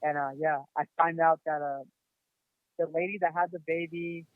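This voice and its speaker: A man's voice: on the high side, flat delivery, moderate pace, dry recording. A man telling a story as a podcast guest, rambling casually with lots of "like" and swearing. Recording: tinny phone-like sound.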